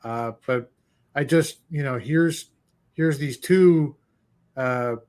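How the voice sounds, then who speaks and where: A man co-hosting a podcast in casual chat, making dry, deadpan jokes between hesitant fillers. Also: mid-range voice, slow pace. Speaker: podcast co-host.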